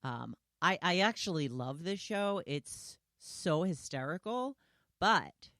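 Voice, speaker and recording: A woman hosts a solo podcast, speaking conversationally and retelling scenes complete with quoted lines. Her voice is low, recorded at studio quality with no room sound.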